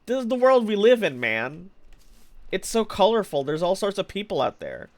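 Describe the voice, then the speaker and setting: A man's voice: high voice, wildly swooping pitch, moderate pace, no room sound. A young man streaming live, chatting playfully with his viewers and laughing often. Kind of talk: casual live-stream chat.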